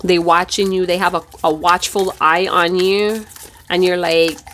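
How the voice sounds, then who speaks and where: A woman's voice: fairly low pitch, flat delivery, a little slow, a bit bright, slight background noise. A woman giving a casual tarot reading, chatty and loose, with casual swearing. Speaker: tarot reader.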